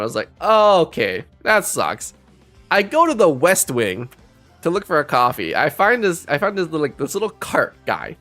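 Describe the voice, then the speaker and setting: A man's voice: fairly high pitch, huge pitch swings, moderate pace, sharp tone, faint music behind. A young man casually telling a story on a live stream, rambling, restarting his sentences and laughing often.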